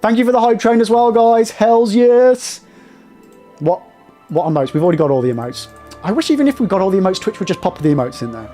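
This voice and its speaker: A man's voice: high-pitched, sing-song, a little fast, dark tone, soft background music. A young man streaming a game live, elated and shaky with nerves after a win, talking to his chat in bursts.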